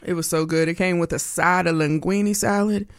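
A woman's voice: lowish voice, steady tone, normal speed, no room sound. A woman from Pennsylvania hosting a radio music show, talking in a bubbly, rambling way with frequent laughs, in a studio. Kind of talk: casual radio show chat.

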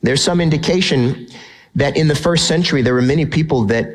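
A middle-aged man delivers a sermon from the pulpit. His voice sits a little high for a man. He preaches with animated emphasis and leans on rhetorical questions to draw listeners in. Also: a little fast, slightly rough, rough recording. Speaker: pastor.

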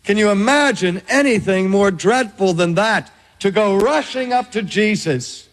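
Older male preacher, high voice, slow emphatic delivery, echoing hall. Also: expressive. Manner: measured, emphatic preaching with dramatic pauses. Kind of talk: sermon. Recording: reverberant hall.

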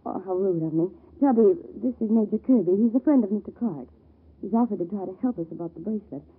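Actress as a fretful young wife, very breathy voice, halting, lo-fi vintage radio sound. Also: female voice, mid-range voice, expressive. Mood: anxious. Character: anxious young wife in legal trouble. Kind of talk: old-time radio drama acting.

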